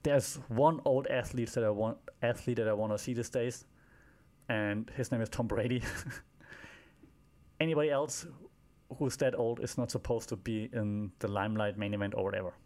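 A man's voice: medium pitch, steady tone, moderate pace, a little mellow. Rambling man recapping wrestling casually. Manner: rambling, with frequent fillers and wry asides. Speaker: podcast host.

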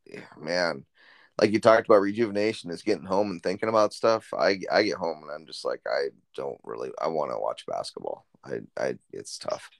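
A man's voice: sits low, gravelly. A man co-hosting a teachers' podcast, chiming in casually and laughing along. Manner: lively, laughs along, short interjections. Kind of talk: casual chat.

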